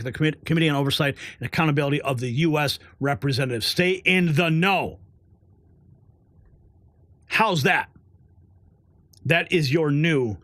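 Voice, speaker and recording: Indignant, high-voiced male news host. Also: a bit bright, no room sound. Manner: indignant, emphatic, sarcastic. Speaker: online news show host. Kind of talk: live commentary rant.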